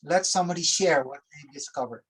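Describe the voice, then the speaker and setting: A low, breathy woman speaks in short, measured teaching phrases over a video call. She stops after each one so an interpreter can follow. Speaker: missions course teacher.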